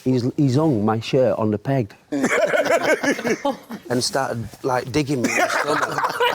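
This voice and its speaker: A man's voice: medium pitch, wildly swooping pitch, takes it slowly, long pauses, heavy background noise. A man, a former goalkeeper, telling football stories with frequent laughter. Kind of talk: anecdotal storytelling.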